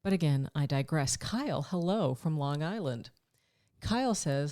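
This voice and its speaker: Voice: medium pitch, expressive, a little slow, a little mellow, a faint crowd. A podcast co-host from upstate New York in casual chat, talkative and hesitant, with many fillers.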